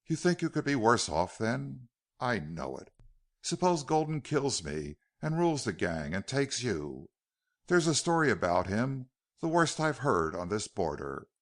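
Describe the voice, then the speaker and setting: A male narrator voicing a bitter, mocking outlaw leader who talks low and hard in an audiobook. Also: big pitch swings, unhurried.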